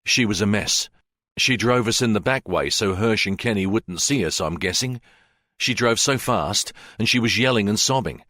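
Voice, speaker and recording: A man's voice: lowish voice, normal speed, bright, forceful tone, no room sound, studio quality. A man voicing August, an urgent, protective detective, in an audiobook.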